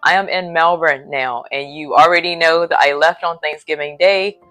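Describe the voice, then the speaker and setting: A woman's voice: sits low, normal speed, fairly bright tone, soft background music. A woman preacher telling a personal faith story in a casual vlog from a hotel room, earnest and a little sleepy. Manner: earnest, faith-filled retelling.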